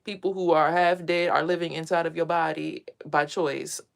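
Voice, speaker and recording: A woman's voice: low voice, steady tone, moderate pace, creaky. Blunt, profane woman vlogging. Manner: blunt, profane, emphatic storytelling. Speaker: spiritual vlogger. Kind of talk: casual monologue to a live chat.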